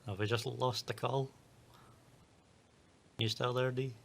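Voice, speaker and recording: Slow gravelly man with dry asides. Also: medium pitch, level tone. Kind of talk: casual chat.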